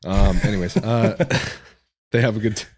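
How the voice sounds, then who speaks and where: A man's voice: fairly low pitch, steady tone, measured pace, darkish tone. A man hosting a podcast, reacting with laughs and short replies, hesitant and full of fillers when he speaks up. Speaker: podcast host. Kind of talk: casual chat.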